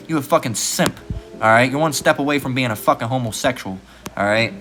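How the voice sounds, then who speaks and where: A man's voice: medium pitch, expressive, fast, a bit bright. Blunt, crude preaching man with faint music. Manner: blunt, crude, repeats "all right?" constantly. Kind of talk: profane street preaching rant.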